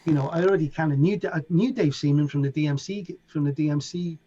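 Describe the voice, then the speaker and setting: A middle-aged man from England with a Liverpool accent, a DJ telling animated stories as an interview guest and acting out voices and sounds. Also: a little high, fast, muffled recording. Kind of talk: casual storytelling.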